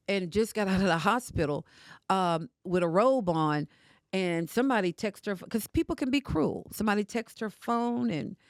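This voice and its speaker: An older woman, a podcast guest telling her family story with forceful emphasis. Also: medium pitch, no echo, clean studio sound. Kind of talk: emotional casual conversation.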